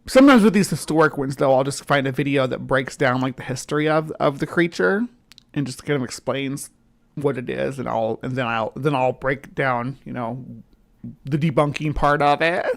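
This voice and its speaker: A woman's voice: very deep voice, moderate pace, vocal fry. A woman with a central US accent, chatting casually and rambling as a livestream host while she greets viewers. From central US, between the South and the upper Midwest. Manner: skeptic.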